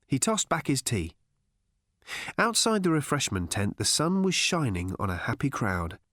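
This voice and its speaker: Fields: Sex: man. Style: audiobook narration. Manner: wry, expressive. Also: mid-range voice, no room sound, studio quality. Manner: wry, measured storytelling. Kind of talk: scripted narration.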